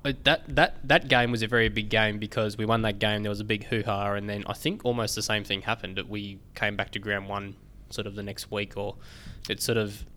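A man's voice: fairly low pitch, flat delivery, fairly quick, few pauses, bright, forceful tone. A man co-hosting a casual podcast chat, rambling and playful, with false starts. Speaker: podcast co-host.

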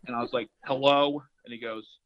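A young man telling a story on a podcast with loose energy and plenty of swearing, acting out every line of dialogue. His voice sits at an ordinary pitch. The recording is a little dull and lo-fi. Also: fairly quick. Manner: animated storyteller, swears freely, acts out quotes. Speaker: podcast co-host. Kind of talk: casual chat. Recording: slightly dull lo-fi sound.

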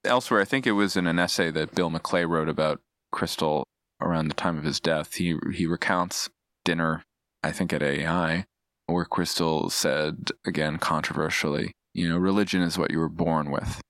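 A man's voice: extremely low pitch, fairly even intonation, normal speed, a bit bright, dry recording, studio quality. A man speaking as a podcast guest, explaining ideas in a thoughtful, digressive way with frequent restarts. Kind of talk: casual analytical discussion.

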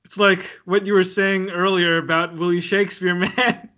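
A man co-hosts a casual podcast, rambling between jokes with a bright, somewhat tense tone. His voice sits a little high, and the recording sounds dull and lo-fi. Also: level tone, moderate pace. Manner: rambling, jokey, laughs often. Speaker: podcast co-host. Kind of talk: casual chat.

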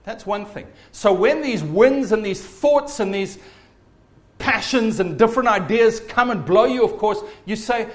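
A man preaching a sermon in an earnest, animated way. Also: high-pitched, moderate pace.

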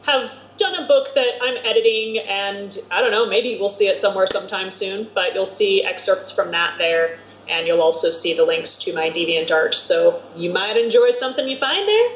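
A woman's voice: medium pitch, animated, normal speed, fairly bright tone, echoey room, highs cut off, slight background noise. A woman guest on a podcast, chatting wryly about her writing with plenty of fillers. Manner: chatty, wry, filler-heavy. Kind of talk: casual podcast chat.

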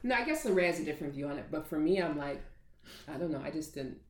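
Low, lively-pitched joking woman guest. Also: quick pace, over a noisy crowd. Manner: laid-back, jokey, trails off. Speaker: podcast guest and co-host. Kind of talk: casual podcast conversation.

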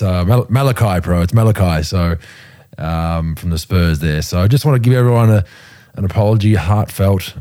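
A man co-hosting a casual sports podcast, relaxed and rambling. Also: deep voice, no room sound, clean studio sound. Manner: relaxed, rambling, apologetic asides. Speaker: podcast co-host.

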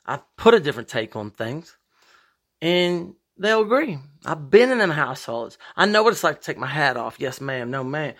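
A man hosting a podcast, talking in a profane, rambling monologue with big emphatic swings in pitch. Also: sing-song, normal speed, fairly bright tone. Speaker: podcast host. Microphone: podcast microphone.

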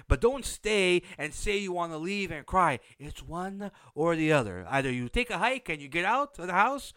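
A man's voice: on the high side, a bit bright, dry recording. A man hosting a podcast, giving a blunt, opinionated recap of a reality show in a casual, unsympathetic way. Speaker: podcast host.

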